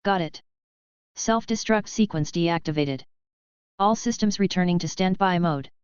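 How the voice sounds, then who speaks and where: A woman's voice: lowish voice, a little slow, darkish tone, clean tone, dry recording, natural voice. A woman voicing a cocky young male space outlaw in a storybook reading, light and teasing. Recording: dull, lo-fi dry recording.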